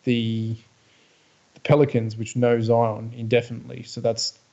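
Australian male co-host, mid pitch, blunt and dry, slightly muffled recording. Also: monotone, normal speed, gravelly, darkish tone. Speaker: podcast co-host. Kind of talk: casual sports chat.

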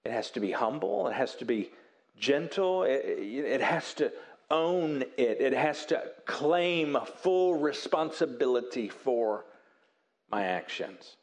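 A man preaching a sermon in an earnest, emphatic way with dramatic pauses, dropping to a soft voice when he acts out quoted apologies. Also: medium pitch, lively intonation. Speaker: pastor.

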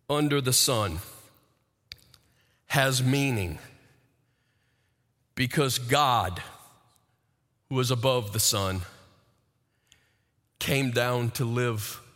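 A man preaching a sermon, building to emphatic peaks with dramatic pauses. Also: mid-range voice, fairly bright tone, big-room sound. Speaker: pastor.

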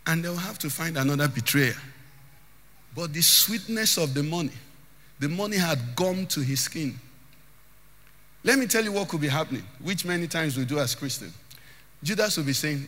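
A man's voice: on the high side, expressive, normal speed, pauses often, sharp tone. A man preaching a sermon as pastor, emphatic, often lifting phrases into a sung tone and repeating words as he builds. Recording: long hall reverb.

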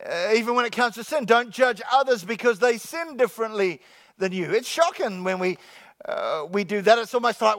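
A man preaching a sermon to his congregation, joking with the crowd and slowly repeating his key lines. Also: high voice, lively intonation, a bit bright, dry recording. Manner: jokey, repeats key lines slowly, calls out "come on, somebody". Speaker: pastor. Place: church sanctuary with congregation.

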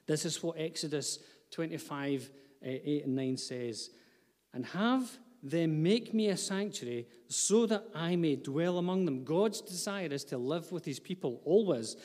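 A man's voice: on the high side, a little mellow, in a large hall. A man, preaching a sermon as pastor, earnest, with light asides to the congregation. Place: church hall.

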